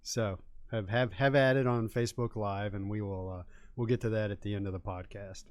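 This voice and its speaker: Wry middle-aged man, low dry voice. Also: steady tone, fairly quick, dry recording. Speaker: podcast co-host, sports writer. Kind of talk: casual podcast chat.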